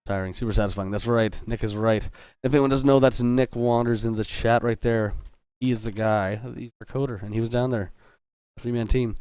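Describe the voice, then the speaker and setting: A man's voice: mid-range voice, steady tone, brisk, a little mellow, clean tone, no room sound. A man hosting a live drawing stream as a game artist, chatty and upbeat, greeting viewers and joking as he sketches. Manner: joking and self-interrupting. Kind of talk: casual livestream chat while drawing.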